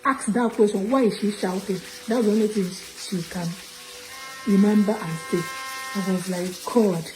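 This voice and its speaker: A woman's voice: mid-range voice, dark tone, rough recording. A woman giving an emotional church testimony, retelling events with quoted dialogue. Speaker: testimony giver.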